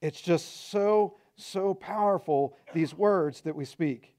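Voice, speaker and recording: A middle-aged man preaching a sermon as pastor, conversational and animated, acting out quoted remarks. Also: a little high, slow.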